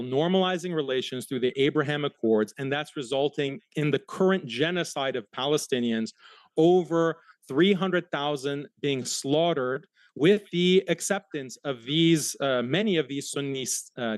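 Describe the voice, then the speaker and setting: A man's voice: a little high, no room sound. A man with an American accent debating heatedly, indignant and accusatory toward his opponent. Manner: indignant, accusatory, quick to protest.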